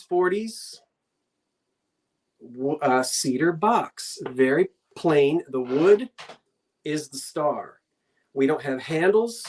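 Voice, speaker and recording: Slow-talking older woman with Jersey accent. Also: deep voice, a little mellow. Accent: New Jersey. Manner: chatty, rambling, talks to herself and viewers. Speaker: online antiques seller. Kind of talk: live online sale, casual chat.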